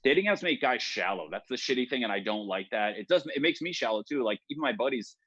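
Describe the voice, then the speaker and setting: A man in his thirties rambles through a crude, self-mocking stand-up bit from home over a video call. He sits at an ordinary middle pitch. The sound is very dry and close, with no room around it. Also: lively intonation, fast, fairly bright tone, breathy edge, no echo, muffled recording. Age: 30s. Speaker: stand-up comic. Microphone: home setup on a video call.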